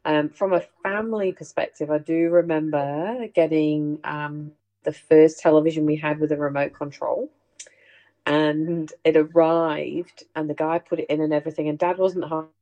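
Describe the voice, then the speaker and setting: A woman's voice: sits low, moderate pace, lo-fi sound. Chatty middle-aged woman telling stories. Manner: chatty, animated, laughs through anecdotes. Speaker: host sharing family memories. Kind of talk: casual storytelling chat.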